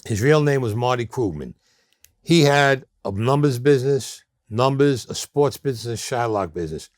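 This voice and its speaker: Speaking in a mid-range, animated voice at a moderate pace, an older man from Brooklyn, New York, with a New York accent, tells blunt, streetwise stories as an interview guest. He often acts out the people he quotes. The recording is dry, with clean studio sound.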